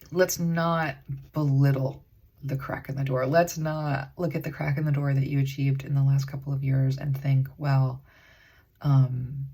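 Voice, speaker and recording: A woman's voice: a bass voice, mellow, slightly rough. A woman giving a spoken tarot reading in a rambling, earnest way, full of fillers and restarts. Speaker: tarot reader.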